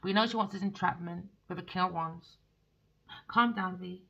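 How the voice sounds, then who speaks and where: A woman giving a spoken tarot reading, blunt and excitable, swearing freely. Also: lowish voice, a little fast, vocal fry, dull audio. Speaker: tarot reader.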